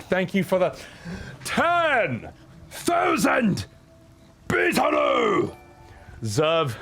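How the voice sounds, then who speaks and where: A man in his thirties, out of breath, chatting casually on his stream and shouting out thanks to his viewers. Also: mid-range voice, slight background noise. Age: 30s. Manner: breathless, thanking chat with loud shout-outs.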